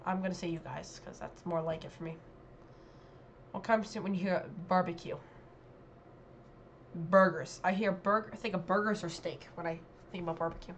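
A young woman vlogger chatting casually, reading quiz questions aloud and thinking out loud about her answers. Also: lowish voice, moderate pace, a little hiss or hum.

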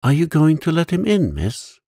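Man doing a nervous young servant girl, humble, hushed, raised pitch. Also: huge pitch swings, moderate pace, slightly rough, no echo, clean studio sound, exaggerated voice. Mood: nervous, eager. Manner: hushed, nervous, plain-spoken.

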